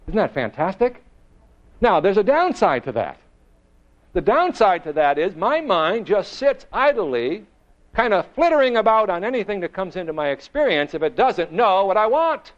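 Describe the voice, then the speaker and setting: A man giving a motivational seminar to a live audience, emphatic and full of rhetorical questions, slowing and quickening for effect. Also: high voice, big pitch swings. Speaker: motivational speaker. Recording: dull lo-fi recording.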